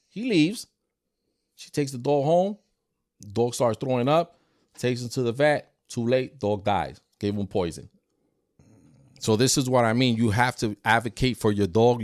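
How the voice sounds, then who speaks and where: A man working as a dog trainer, chatting on a podcast and telling lively stories that act out dogs and people. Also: mid-range voice, normal speed, dry recording, clean studio sound. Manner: animated storyteller, acts out dogs and people. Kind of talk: casual podcast chat.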